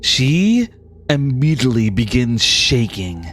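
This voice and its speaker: A man's voice: medium pitch, big pitch swings, slow pace, fairly bright tone, soft background music. A man running a tabletop game as game master, narrating dramatically and sometimes joking at his own expense.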